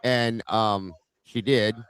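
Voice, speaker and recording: A man hosting a casual podcast, retelling a story in a relaxed, slangy way. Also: on the low side, slow, clear, resonant tone, no room sound. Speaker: host.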